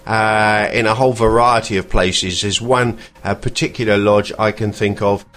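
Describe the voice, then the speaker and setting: A man hosting a podcast, chatting in a rambling way and pausing to search for words. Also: on the low side, fairly even intonation, fairly bright tone. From England. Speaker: podcast host. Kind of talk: casual podcast monologue.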